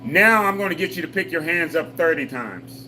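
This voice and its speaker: A man's voice: a little high, expressive, normal speed, background noise. Man coaching a senior exercise class. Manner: patient, repetitive coaching with call-and-response cues. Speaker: senior fitness instructor. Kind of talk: live exercise class instruction.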